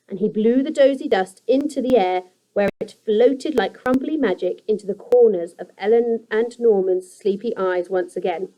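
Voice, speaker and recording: A young adult woman teacher reading a children's story aloud in a steady, expressive storytelling manner. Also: medium pitch, moderate pace, few pauses, low-quality recording.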